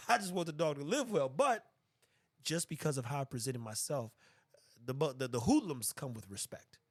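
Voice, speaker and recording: A man's voice: fairly high pitch, lively intonation, moderate pace, no echo, clean studio sound. A man hosting a podcast, telling stories in a blunt, profane, casual way. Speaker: podcast host. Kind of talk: casual chat.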